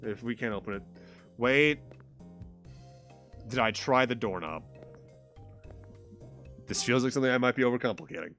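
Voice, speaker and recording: A man's voice: mid-range voice, normal speed, pauses often, fairly bright tone, faint music behind. A man streaming a game, chatting casually and reading its dialogue aloud, with loose, swearing asides.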